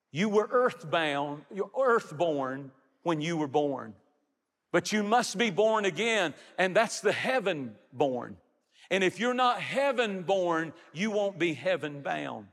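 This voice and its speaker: A man's voice: on the high side, fairly bright tone. A man preaching a sermon, emphatic, with dramatic rises and drops in his delivery. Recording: long hall reverb with faint music.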